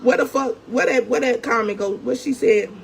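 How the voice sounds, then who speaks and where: In a storytime rant full of anger and profanity, a young woman vlogger speaks directly to viewers she calls "gang." Her voice is on the high side and gravelly, at a moderate pace, over a faint hiss or hum.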